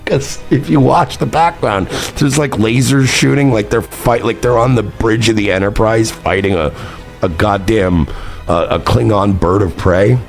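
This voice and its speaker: Gravelly man ranting profanely. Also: fairly low pitch, moderate pace, faint music behind. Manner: profane, heated, repetitive. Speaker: streamer host. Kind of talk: ranting commentary.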